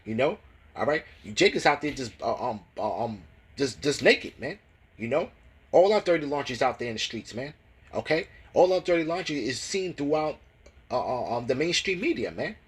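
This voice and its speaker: Husky male scripture teacher, mid pitch, slow verse reading, stammering asides tagged "man, you know?". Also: very animated, poor audio. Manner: reads scripture slowly and deliberately. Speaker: religious teacher.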